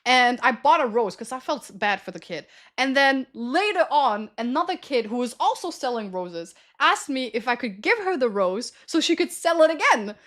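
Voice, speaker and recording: A woman's voice: high voice, very animated, normal speed, few pauses, fairly bright tone. A young adult woman livestreamer telling stories to her chat in a rambling, slangy way, often correcting herself mid-sentence. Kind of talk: casual storytelling to stream chat.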